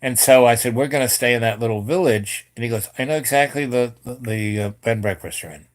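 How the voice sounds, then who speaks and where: A middle-aged man spins a loose personal anecdote, full of ums and restarts. His voice sits at an ordinary middle pitch for a man, relaxed and conversational. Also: fast talker. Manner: rambling, many fillers and restarts. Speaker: host. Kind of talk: casual storytelling.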